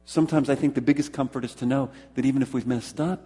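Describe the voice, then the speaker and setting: Pastor guy preaching, kinda husky and mellow, lots of repeating for emphasis, long echo like a big church hall. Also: medium pitch, steady tone, fast talker. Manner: preaching with repeated emphasis, asking the congregation questions. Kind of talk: sermon.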